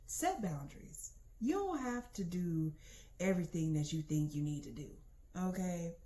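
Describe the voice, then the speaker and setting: A young adult woman telling a comic personal story to her listeners in a casual, slangy, animated way. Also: low-pitched. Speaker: storytelling podcast host.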